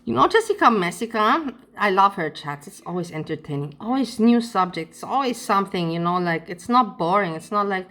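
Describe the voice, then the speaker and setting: A woman's voice: medium pitch, animated, normal speed, hardly any pauses, fairly bright tone. A woman vlogger chatting casually and playfully to her viewers. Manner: playful, teasing. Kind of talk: casual chat to camera.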